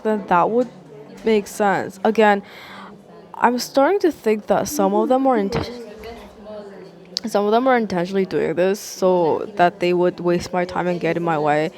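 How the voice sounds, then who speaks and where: A woman's voice: mid-range voice, darkish tone. Rambling, sarcastic woman vlogger. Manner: rambling and sarcastic, heavy use of "like", swears. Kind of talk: casual monologue to camera.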